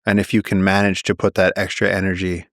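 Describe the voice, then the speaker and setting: A man with a low voice talks as a podcast guest. He tells stories in an animated, tumbling way, circling back and restarting his phrases. The sound is dry and close, as if from a studio mic. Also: fairly quick, no echo. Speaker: guest, naturalist. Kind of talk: casual storytelling conversation.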